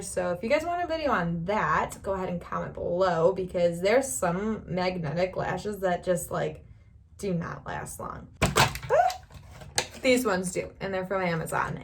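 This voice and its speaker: A woman's voice: fairly low pitch, slight background noise. A young woman talking through a makeup tutorial in a chatty, rambling, reassuring way, laughing often. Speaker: beauty vlogger.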